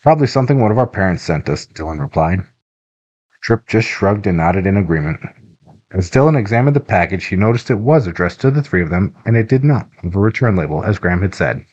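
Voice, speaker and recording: A man with a very low, deep voice reads a children's adventure book aloud in a steady, even narration. The recording is a little muffled and lo-fi. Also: brisk, breathy edge. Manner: even, steady storybook reading. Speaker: audiobook narrator. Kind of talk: scripted narration.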